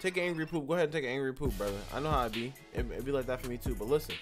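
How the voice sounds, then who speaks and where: A man's voice: mid-range voice, rapid-fire, over music. A man hosting a casual let's-play, joking, swearing and talking back at the characters on screen. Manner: animated, joking, profane, talks to the game characters. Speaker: gaming channel host.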